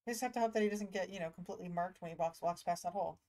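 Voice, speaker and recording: Mellow lower-voiced woman at the game table. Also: very fast. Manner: chatty, thinking aloud about her moves. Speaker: player. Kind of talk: casual tabletop game play.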